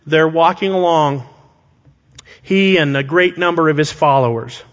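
A fairly bright, higher-pitched male voice delivers a sermon to a congregation. He speaks with deliberate emphasis and poses rhetorical questions, recorded with long reverb from the hall.

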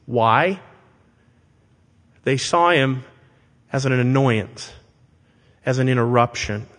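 A man preaching a sermon to his congregation, speaking deliberately and with emphasis and asking rhetorical questions. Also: mid-range voice, a bit bright. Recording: long hall reverb.

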